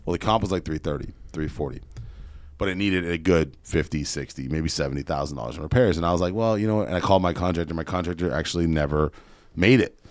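A man telling a story in a casual podcast chat, animated and swearing freely. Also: sits low, dry recording. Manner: fast, profane, animated storyteller. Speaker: podcast guest, real estate investor.

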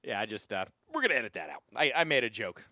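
A man with a New York accent, his voice sitting a little low, hosting a trivia podcast. He keeps it loose and bantering, laughing easily between questions. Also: big pitch swings, fast talker, pushed and bright, no echo. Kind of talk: casual chat.

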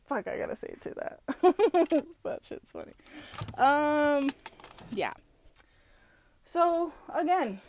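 A woman hosting a solo podcast, ranting bluntly with heavy swearing, laughing often and mocking people as she tells stories. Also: on the high side. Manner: mocking, animated storytelling. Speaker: podcast host. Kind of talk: profane solo podcast rant.

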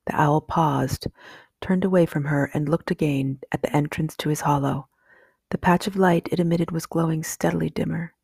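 A woman reading a children's novel aloud in calm, measured audiobook narration. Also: low-pitched, gravelly, husky, dry recording, studio quality. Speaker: reader.

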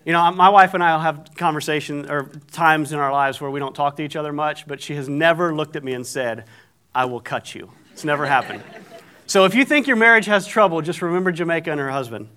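A man's voice: fairly high pitch, quick pace, pushed and bright, clean tone. A middle-aged man preaching, telling a story with animation and acting out the people in it. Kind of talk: storytelling sermon.

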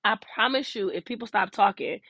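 A woman hosting a devotional, preaching in a relaxed, folksy way and repeating her key lines for emphasis. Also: medium pitch, fairly quick, no room sound. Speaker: devotional host.

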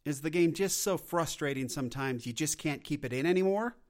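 This man in his forties hosts a solo podcast and talks casually, in an intense, earnest, rambling way with lots of restarts. His voice is a little high, brisk, and slightly mellow.

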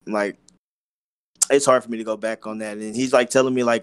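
A man's voice: lowish voice, fairly even intonation, normal speed, clean tone, no echo. Young guy, podcast co-host, loose profane storytelling, dry close mic. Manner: rambling, profane storytelling with many fillers. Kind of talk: casual chat.

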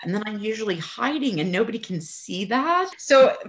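A woman's voice: medium pitch, animated, moderate pace. A woman candidly sharing a personal family worry on a group call, emotional with a dry sarcastic streak.

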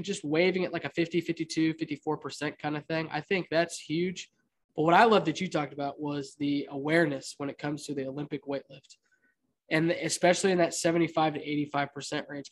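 A man hosting a podcast interview with a coach, affirming what his guest says and asking him to go deeper. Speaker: podcast host.

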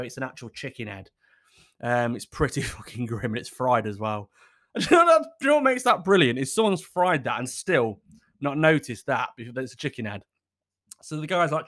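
A man in his thirties hosting a relaxed solo podcast. He talks in a cheeky, sweary, chatty way and often laughs at his own jokes. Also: mid-range voice. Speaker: podcast host. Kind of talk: casual solo podcast chat. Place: at home in his kitchen.

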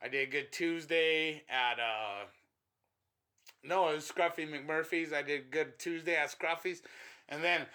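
Podcast host, male, high-pitched and very bright, animated profane storyteller. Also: unhurried. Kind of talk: casual chat.

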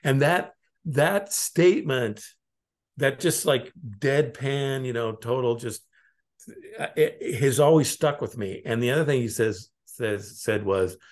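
A middle-aged man from Alaska, a lawyer and interview guest, telling stories in a halting, rambling way with chuckling asides. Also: mid-range voice, a little mellow. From Alaska, United States. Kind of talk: casual interview conversation.

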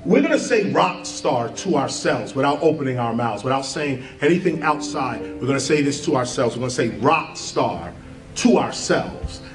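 A man hosting a podcast, leading listeners through a spiritual exercise in an earnest, animated way and laughing at his own asides. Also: a little high, echoey room, distant mic, poor audio. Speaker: podcast host. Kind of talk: spiritual talk with guided exercise.

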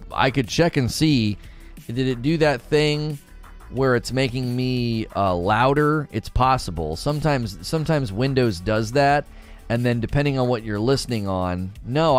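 A male streamer chatting live about a game. His delivery is lively and swings in pitch, and he restarts and repeats himself as he thinks out loud. Quiet music plays in the background. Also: unhurried. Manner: animated, rambling, repeats words. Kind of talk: casual live-stream chat. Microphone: desk mic through mixer and preamp.

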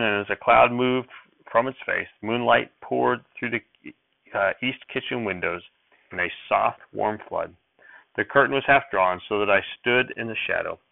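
A man reading a first-person novel aloud in a steady, plain way with small slips, on a dry, tinny recording. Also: fairly low pitch, gravelly, dry recording. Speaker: audiobook reader. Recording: dry tinny phone-like sound.

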